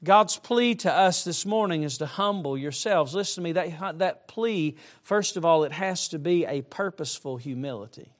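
High-voiced preacher delivering a lively sermon. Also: male voice, normal speed, hardly any pauses. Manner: emphatic, with humorous asides. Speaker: traveling preacher. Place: church sanctuary.

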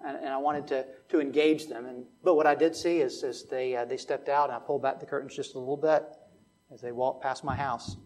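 A man's voice: medium pitch, steady tone, brisk, a little mellow. A man preaching a sermon as pastor, telling a story and rising to emphatic preaching.

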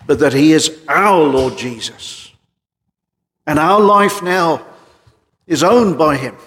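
A man preaching a sermon in an earnest voice, pressing his points with rhetorical questions and swinging between loud emphasis and quieter passages. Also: on the high side, expressive, slow pace, in a large hall.

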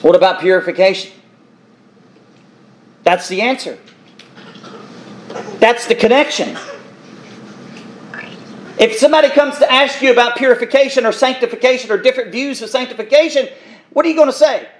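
Male preacher with a high voice, delivering an impassioned sermon with dramatic swings in volume. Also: normal speed, long pauses. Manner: impassioned, emphatic, swings between loud and hushed.

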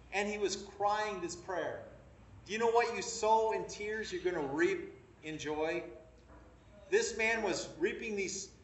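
A high-pitched man delivers a sermon, reading verses and pressing his points with rising emphasis. He is recorded from a distance, and the room around him echoes. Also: slight background noise. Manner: preaching with rising emphasis, reading scripture aloud. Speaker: preacher. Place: room with a congregation.

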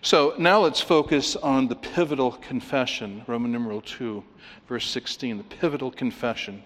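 A man preaching an expository sermon, emphatic, with rhetorical questions and swings between loud and quiet. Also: medium pitch, normal speed. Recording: long reverb of a large hall.

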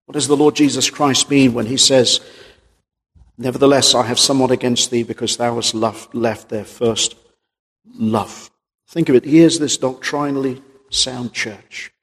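A man's voice: mid-range voice, fairly even intonation, a little slow, fairly bright tone, slightly rough. A man preaching a sermon in an earnest, emphatic way, reading old-style scripture aloud. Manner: earnest, emphatic, quotes King James scripture. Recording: long reverb of a large hall.

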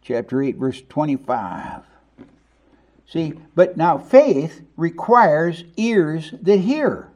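A man preaching a sermon as pastor, moving between hushed and emphatic lines and asking the congregation rhetorical questions. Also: a little high, expressive, slow pace, dull audio.

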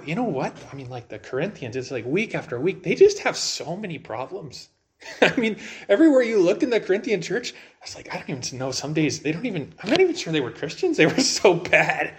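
A man preaching a sermon in a conversational way, asking rhetorical questions and using light humor. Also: on the high side. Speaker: pastor.

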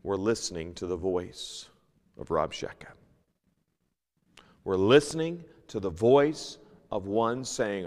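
Guy teaching sunday school from the bible, reads old scripture out loud, gets loud then quiet, echoey church. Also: lowish voice, slow pace, pauses often. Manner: animated, swings from loud emphasis to hushed asides; reads King James scripture aloud.

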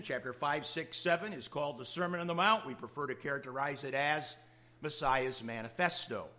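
A man's voice: on the high side, bright, forceful tone. A man preaching a sermon to his congregation, with dramatic rises of emphasis in a preaching cadence. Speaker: pastor.

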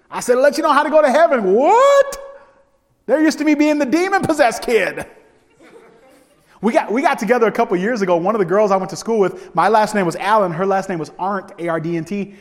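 Man, preacher, humorous storytelling sermon, loud-to-hushed swings, echoing hall. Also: high voice. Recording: long hall reverb.

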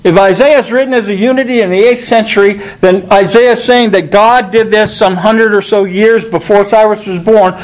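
A man preaching a sermon, reading scripture aloud and rising in pitch on the quoted lines, thinking aloud with restarts. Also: fairly even intonation, normal speed, few pauses, low-quality recording. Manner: rises in pitch when quoting scripture.

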